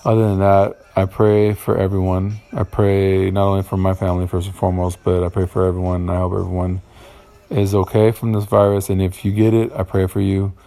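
A man's voice: deep voice, monotone, brisk, gravelly, dark tone. A man hosting a casual solo podcast from his garage, rambling and profane, getting heated at times. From Puerto Rican heritage. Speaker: podcast host. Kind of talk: casual monologue.

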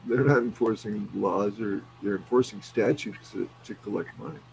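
Middle-aged man, raspy, swears freely, animated casual storyteller. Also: lowish voice, moderate pace, slight background noise, low-quality recording. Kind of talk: casual chat.

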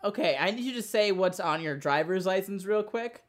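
A man's voice: high-pitched, animated, normal speed. A man co-hosting a podcast in casual chat, playfully teasing and grilling the others. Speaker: podcast co-host.

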